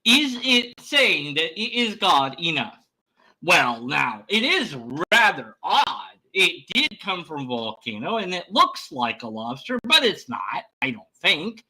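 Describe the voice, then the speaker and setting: Bright, lively man rambling to camera. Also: fairly high pitch, measured pace, slightly rough, poor audio. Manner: rambling, many fillers and restarts. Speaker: YouTuber. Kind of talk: casual vlog monologue.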